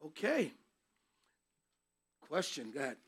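A man's voice: a little high, wildly swooping pitch, slow, fairly bright tone, slightly rough. A man teaching a Bible class, speaking emphatically and taking questions from his students.

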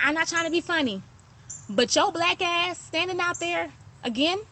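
With a high, bright, forceful voice, a woman hosts a podcast and delivers a fervent monologue to her audience, driving points home through repetition. She keeps it conversational and pauses to thank commenters as she goes.

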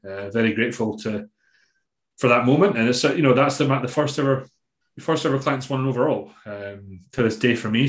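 Relaxed and profane, a Scottish bodybuilding coach spins loose stories on a podcast, leaning on plenty of fillers. His voice sits at medium pitch, and the sound is roomy.

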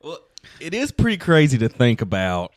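A man's voice: medium pitch, wildly swooping pitch, no room sound. A man co-hosting a podcast who makes wisecracks during casual chat. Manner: wisecracking, quick to joke. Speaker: podcast co-host.

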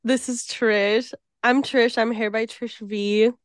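Young woman from hawaii, sick and wheezy, slow nervous talk, dry close sound. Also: on the high side, steady tone, no room sound. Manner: nervous and hesitant, many ums. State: ill, a bit wheezy. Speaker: guest, traveling hairstylist. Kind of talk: casual podcast chat.

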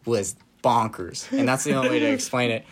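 A man's voice: mid-range voice, brisk, slight background noise. A young man co-hosting a podcast, casually telling a story and swearing freely. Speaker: podcast co-host. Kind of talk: casual chat.

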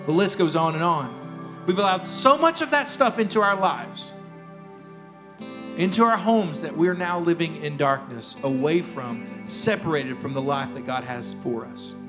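A man preaching a sermon as pastor, emphatic and repeating his key phrases. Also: fairly high pitch. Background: worship music.

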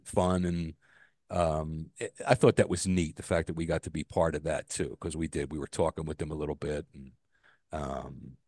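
Co-hosting a casual podcast chat, a man tells stories with animation and swears freely, his voice leaping high whenever he gets exasperated. The tone is warm and the recording dry.

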